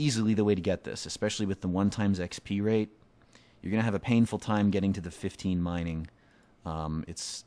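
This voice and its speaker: A low-voiced man talks casually as he plays through a game. His commentary rambles, full of fillers and restarts. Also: darkish tone. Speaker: gamer host.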